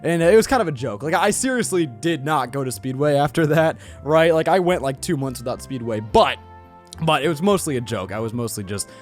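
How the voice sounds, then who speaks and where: Young man, game let's play commentary, goofy and rambling, lively swoops in pitch, faint music behind. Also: a little fast. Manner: goofy, rambling, jokey asides. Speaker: gaming YouTuber. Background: faint background music.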